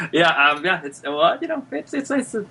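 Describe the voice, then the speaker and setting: A man's voice: sits high, big pitch swings, moderate pace, sharp tone, husky, low-quality recording. A man who writes comics, a guest in a casual podcast interview, talking in a joking, self-deprecating way with lots of restarts.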